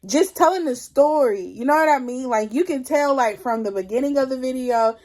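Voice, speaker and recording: A young woman telling a storytime tale in casual chat, drained and low on energy, leaning on 'like' as she talks. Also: fairly quick, a little mellow. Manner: chatty, leans heavily on 'like'. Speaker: vlogger.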